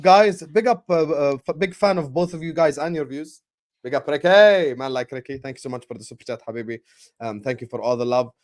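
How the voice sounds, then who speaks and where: Middle east guy hosting a stream, kinda high voice, hyped and animated, big shout-outs. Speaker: podcast host. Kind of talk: casual live-stream chat.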